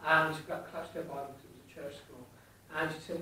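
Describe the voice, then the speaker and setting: A man's voice: fairly high pitch, steady tone, fairly quick, pushed and bright. Joking man in an echoey hall. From England. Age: 40s. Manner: cheeky, jokey, teases the audience. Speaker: ghost tour guide and medium. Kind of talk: joking storytelling to a live group. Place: large indoor hall in an old fort. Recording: echoey, distant room with faint noise.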